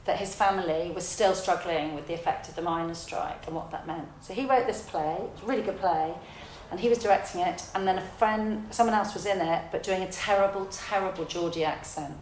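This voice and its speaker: A woman, a theatre director telling her story in a relaxed, reflective interview. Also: lowish voice, fairly quick, few pauses, slight background noise. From south London, England. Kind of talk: casual interview conversation. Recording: roomy echo.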